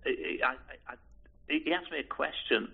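Elderly male interviewee, deep gravel in the voice, halting and repetitive reminiscence over a tinny phone-like line. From Liverpool, England. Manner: hesitant, restarts and repeats words, chuckles softly. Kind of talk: oral history reminiscence.

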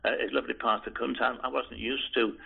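Elderly male interviewee, deep gravel in the voice, halting and repetitive reminiscence over a tinny phone-like line. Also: level tone. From Liverpool, England. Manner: hesitant, restarts and repeats words, chuckles softly. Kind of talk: oral history reminiscence.

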